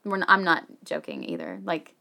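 Bright, lively American woman. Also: low voice, fairly quick, gravelly. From United States. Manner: swears casually, jokey asides. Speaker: podcast co-host. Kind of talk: casual chat reading history notes.

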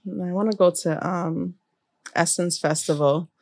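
Young woman from boston, podcast co-host, unhurried slangy talk, dry close sound. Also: lowish voice, steady tone, a little mellow, no room sound. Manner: laid-back, laughs often, slangy. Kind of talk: casual chat.

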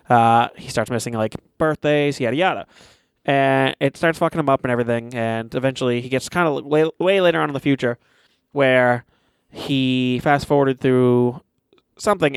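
Young man, casual storyteller, swears a lot, mid pitch, dry close mic. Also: moderate pace, clean tone, no room sound. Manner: animated, swears often, acts out quotes. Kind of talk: casual chat, retelling a movie.

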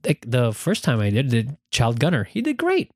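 A man chatting casually as a podcast co-host, an animated storyteller who acts out what people said. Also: mid-range voice, moderate pace, no room sound, clean studio sound. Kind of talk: casual chat.

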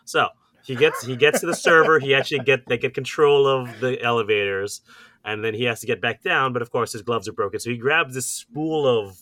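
A man hosting a casual movie podcast, recapping scenes with lively laughs. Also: medium pitch, brisk, no room sound. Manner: animated recapping, laughs often. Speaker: podcast host.

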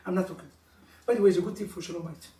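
A middle-aged rabbi with an Israeli accent tells stories to a couples class in lively, broken English, often mimicking other people's voices. He sits some way from the mic in an echoey room, with a faint hiss of noise behind him. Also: sits high, very fast, distant mic. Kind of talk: informal religious class with stories. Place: room of a live-streamed class.

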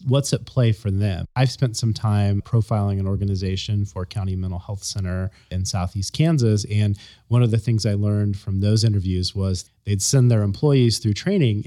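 A man's voice: on the low side, mellow. A man with an American Midwestern accent hosting a podcast and asking long, thoughtful questions. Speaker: podcast host. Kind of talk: interview questions.

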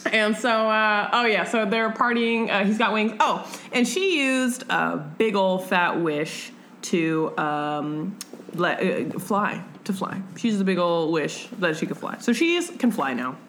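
A young woman co-hosting a casual book chat, lively and animated, acting out characters in quick voices and swearing freely. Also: mid-range voice, slight background noise. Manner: swearing, lots of "like". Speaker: podcast co-host.

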